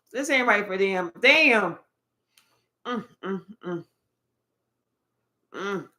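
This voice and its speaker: Slow, bright-voiced woman reading tarot. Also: fairly high pitch. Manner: animated, drawling, sassy, talks to spirit and viewers. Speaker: tarot reader. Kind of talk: live tarot reading, casual chat.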